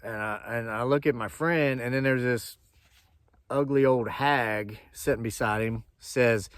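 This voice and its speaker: A man from Appalachia spins a meandering tale straight to the camera, drifting into side remarks and talking back to his viewers. His voice sits at an ordinary middle pitch. The sound is dry and close, with no room echo. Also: unhurried, clean tone. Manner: rambling, digressive, chatty asides to viewers. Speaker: homesteading channel host. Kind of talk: casual storytelling to camera.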